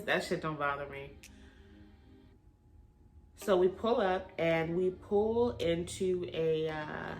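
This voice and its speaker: A woman vlogger tells a storytime to camera in a bright, forward voice. She is blunt and animated, dropping slang and swear words as she goes. Soft music plays faintly behind her. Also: lowish voice.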